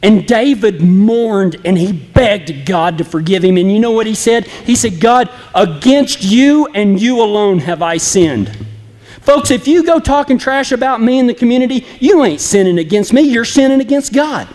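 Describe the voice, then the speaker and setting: A man's voice: extremely high pitch, expressive, moderate pace, hardly any pauses, darkish tone, big-room sound. A man preaching an impassioned, folksy sermon that speaks straight to the congregation. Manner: impassioned, folksy and direct, acting out flippant apologies.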